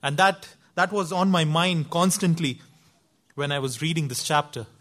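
A man's voice: fairly high pitch, moderate pace, a bit bright. A man preacher giving a sermon, telling a story in an earnest, emphatic way.

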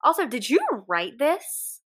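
A woman with a Southern US accent chats casually as a podcast co-host. Her voice is bright and a bit high, and she tells stories in an animated, chatty way. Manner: chatty, animated storytelling with quick laughs. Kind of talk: casual chat.

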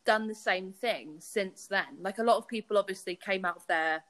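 A woman's voice: medium pitch, normal speed, fairly bright tone. A young woman hosting a podcast, chatting animatedly with a friend and laughing often. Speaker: podcast host. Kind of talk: casual chat between friends. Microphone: remote call app.

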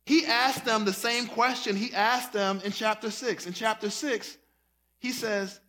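A pastor preaches a casual, folksy sermon, calling the congregation y'all and breaking into song. His high-pitched voice is a little slow, and his animated preaching bursts into singing and shouting.

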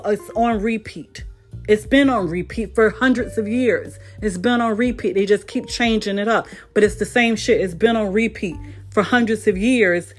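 A woman vlogger delivering a heated, profane monologue rant, repeating herself for emphasis. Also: mid-range voice.

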